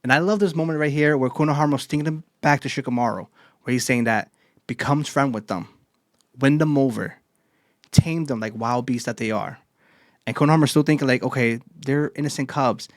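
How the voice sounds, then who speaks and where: Casual male podcast host, mid-pitch, dry close sound, enthused and profane. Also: a little fast, no room sound. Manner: excited, swears freely, retells scenes in quotes. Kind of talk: casual anime chapter recap.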